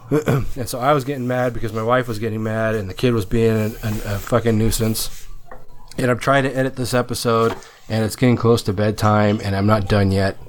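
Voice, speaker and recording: A man, a parent, co-hosting a podcast in casual chat, rambling and swearing freely. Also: fairly low pitch. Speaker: podcast co-host.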